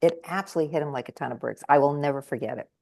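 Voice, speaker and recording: A woman's voice: racing, gravelly. A woman guest telling stories in conversation, animatedly acting out the voices of the people she quotes. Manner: animated, acts out quoted voices with big jumps in pitch. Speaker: guest speaker and trainer. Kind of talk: conversational storytelling.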